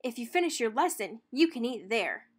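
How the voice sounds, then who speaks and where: Woman voicing a male ski teacher, friendly, instructive, higher pitched. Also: sing-song, moderate pace, husky.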